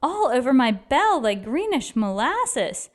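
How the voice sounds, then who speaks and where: A woman's voice: high-pitched, very animated, measured pace, voice pushed up. A woman doing a fretful old bell ringer. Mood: alarmed. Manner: gulping, fretful.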